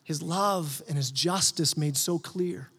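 Male pastor, higher voice, earnest conversational sermon, echoing church hall. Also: slow, fairly bright tone, breathy edge. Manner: earnest, conversational preaching with repeated restarts. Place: church sanctuary.

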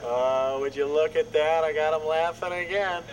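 A man's voice: a little high, fairly even intonation, normal speed, natural voice. An actor playing a goofy, joking comedian uncle in a sitcom, with playful showman patter. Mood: cheerful. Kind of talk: sitcom acting. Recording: noisy TV sitcom clip audio.

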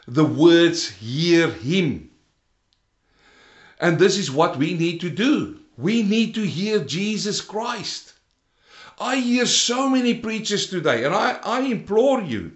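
A man preaching a sermon, swinging between loud rising emphasis and low, quiet passages. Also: reverberant.

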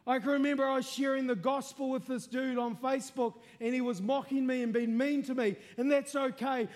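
A man preaching a testimony sermon, telling his story earnestly and building to impassioned shouting. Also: extremely high pitch.

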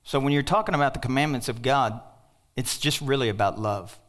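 An older man preaching a sermon as pastor, emphatic, with sudden loud outbursts and joking asides. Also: mid-range voice, fairly quick.

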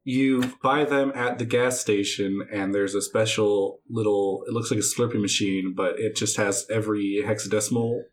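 A man's voice: fairly low pitch, fairly even intonation, moderate pace, hardly any pauses. A man in a casual comedy podcast chat who riffs crudely and laughs often.

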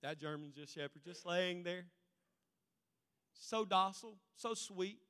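A male pastor preaching a sermon, telling stories in an animated way that swings between loud and quiet. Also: sits high, unhurried, clear, resonant tone. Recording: long reverb in a large hall.

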